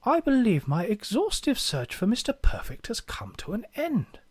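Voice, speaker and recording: A man putting on a prim, hushed older male wrestling interviewer in a whispered role-play. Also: very high voice, wildly swooping pitch, normal speed, slightly rough, dry recording, voice pushed up, heavily acted. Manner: whispered, mock-documentary hush.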